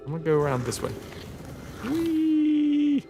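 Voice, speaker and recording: Excitable young man streaming a game. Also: a little high, moderate pace, faint music behind. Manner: excitable, swears, jokey asides to chat. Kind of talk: live gameplay commentary.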